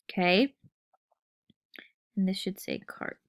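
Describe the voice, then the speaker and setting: A woman's voice: mid-range voice, takes it slowly, pauses often. A woman teacher giving a recorded writing lesson, explaining patiently step by step and checking in with "okay?" and "right?".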